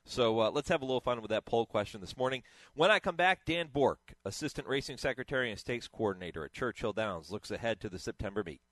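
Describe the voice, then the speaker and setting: A man hosting a morning horse racing radio show, talking in a relaxed, conversational way with the odd chuckle. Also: mid-range voice, fast talker, no room sound.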